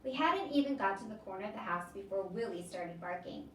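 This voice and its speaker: A teacher reading a novel aloud in an expressive storybook voice. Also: female voice, medium pitch, a little fast, slight background noise. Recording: echoey room, distant mic.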